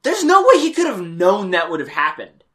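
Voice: mid-range voice, huge pitch swings, moderate pace, fairly bright tone. A podcast co-host picking apart a cartoon's logic with wry, punny remarks. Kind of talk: casual chat.

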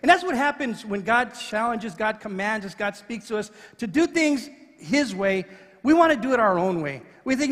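Male pastor, high pitch, conversational sermon delivery with restarts, long reverb. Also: expressive, moderate pace, a bit bright. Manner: conversational preaching with frequent restarts.

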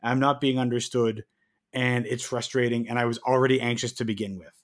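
A man co-hosting a podcast, telling stories in a casual, animated and exasperated way. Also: medium pitch, a little fast. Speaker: podcast co-host. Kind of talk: casual chat.

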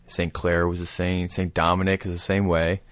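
A man's voice: low-pitched, little pitch movement, normal speed, no echo. A man co-hosting a casual talk show, telling a story with enthusiasm and frequent laughs. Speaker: podcast co-host.

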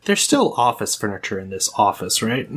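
A man's voice: lowish voice, big pitch swings, normal speed, fairly bright tone, husky. Sheepish, laughing man player. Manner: sheepish, laughing, describes actions at length. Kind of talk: tabletop game play.

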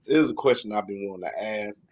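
A man's voice: lowish voice, fast talker. Blunt teasing man on a podcast. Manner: blunt, teasing, laughing interrogation. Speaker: podcast co-host. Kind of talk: casual comedic chat.

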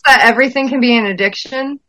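A woman's voice: fairly high pitch, quick pace, a bit bright, no room sound. A woman co-hosting a podcast, chatting casually and playfully. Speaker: podcast co-host. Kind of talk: casual chat.

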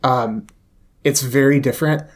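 A man's voice: medium pitch, a little slow. A man co-hosting a podcast in casual chat, laid-back and hesitant, with many ums and uhs. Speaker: podcast co-host.

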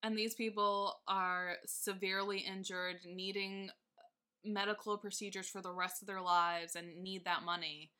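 A woman's voice: medium pitch, level tone, unhurried, pushed and bright, clear, resonant tone. A woman co-hosting a casual chat, ranting indignantly and swearing freely. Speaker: podcast co-host.

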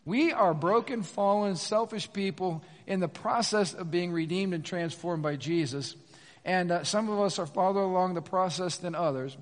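A middle-aged man, a pastor, preaching a sermon in a church sanctuary in a lively, conversational way, with frequent asides to the congregation. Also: high voice, normal speed. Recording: long reverb of a church hall.

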